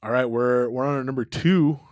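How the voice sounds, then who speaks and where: A man's voice: medium pitch, brisk, darkish tone, dry recording, clean studio sound. A man co-hosting a podcast, chatting enthusiastically about movies, swearing and gushing. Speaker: podcast co-host. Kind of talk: casual chat.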